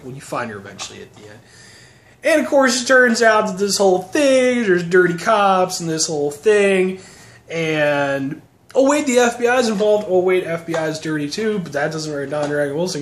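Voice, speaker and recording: A man sarcastically recapping action movies in a casual, profane, rambling way. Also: sits high. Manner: sarcastic, profane, mocking voices. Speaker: movie reviewer. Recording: echoey room, faint noise.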